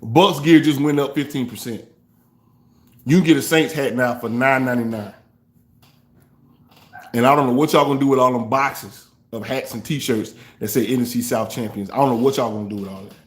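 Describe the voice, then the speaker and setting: A man hosting a fan reaction show, trash-talking rival fans in a loose, animated way. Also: medium pitch, brisk. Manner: trash-talking, animated, African American Vernacular English grammar. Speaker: sports fan show host.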